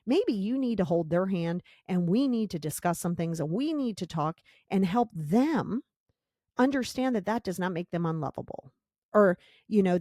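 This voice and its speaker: A woman's voice: mid-range voice, mellow, no echo. Woman, podcast host, motivational monologue, blunt, emphatic, repetitive, dry close sound. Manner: blunt, emphatic, repeats key phrases.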